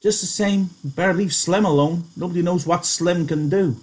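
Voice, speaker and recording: Male teacher doing a raised, husky voice for a gossipy ranch-hand figure in a book reading. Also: sits high, normal speed, darkish tone, voice pushed up. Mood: eager.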